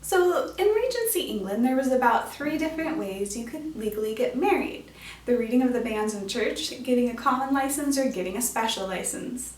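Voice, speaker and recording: A bright, fairly high-voiced woman explains classic literature with bubbly enthusiasm and casual slang. She sounds a little distant from the mic, and the room adds a noticeable echo. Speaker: host of a literature explainer show. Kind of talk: upbeat educational vlog talk.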